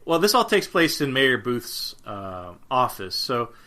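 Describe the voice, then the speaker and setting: A man co-hosts a podcast in a loose, rambling chat, often restarting his sentences and laughing at himself. His voice is bright and forceful, with a slightly tense edge. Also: mid-range voice, big pitch swings, a little slow. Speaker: podcast co-host. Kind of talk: casual chat.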